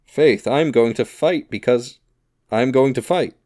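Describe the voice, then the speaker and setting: Brief: giant swaggering soldier, blunt and loud, man reading the part. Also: mid-range voice, normal speed, no echo, clean studio sound, pitched above the performer's own voice, close to an everyday voice. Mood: blustering. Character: gigantic blustering male musketeer.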